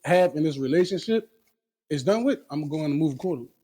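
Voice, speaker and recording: High-voiced man, emphatic and streetwise. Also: expressive, fast talker, dark tone, slightly rough. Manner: emphatic, keeps asking "you hear me?". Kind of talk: casual chat.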